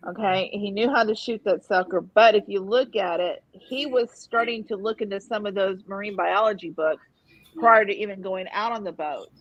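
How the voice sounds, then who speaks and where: A woman's voice: medium pitch, moderate pace, dry recording, muffled recording. A woman chatting casually as a guest on a live fan show, often chiming in to agree. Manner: agreeable, frequent affirmations. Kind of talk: casual chat.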